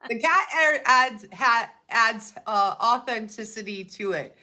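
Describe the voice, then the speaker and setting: Woman, casual interviewer, upbeat, encouraging, bright tone. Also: fairly high pitch, expressive, takes it slowly. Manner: upbeat, encouraging, fills with "you know". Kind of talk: casual chat on a video call.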